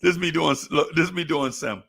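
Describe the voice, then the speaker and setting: A man hosting a casual sports podcast, talking in an animated way, repeating phrases and laughing often. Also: a little high, normal speed, gravelly. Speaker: podcast host.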